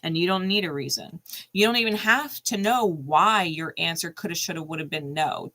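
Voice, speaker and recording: A woman's voice: on the low side, bright, forceful tone. A middle-aged woman giving a casual tarot card reading, blunt and profane, laughing often.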